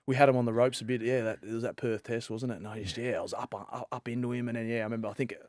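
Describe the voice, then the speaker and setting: A man's voice: medium pitch, fairly even intonation, very fast, darkish tone, dry recording, clean studio sound. A man in his late thirties with an Australian accent, a guest telling stories in a loose, rambling way, full of fillers and restarts. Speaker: guest, professional fast bowler. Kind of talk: casual storytelling chat.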